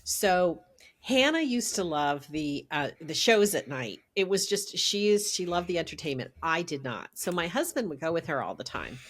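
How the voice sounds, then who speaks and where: A middle-aged woman, a podcast guest, telling a story in a lively, casual way and laughing as she goes. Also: fairly low pitch, normal speed.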